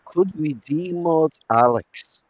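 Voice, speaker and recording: A man's voice: on the high side, slow, background noise. A man with an English accent on a call to a livestream, repeating his request patiently. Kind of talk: casual chat over a call. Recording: dry, dull call audio.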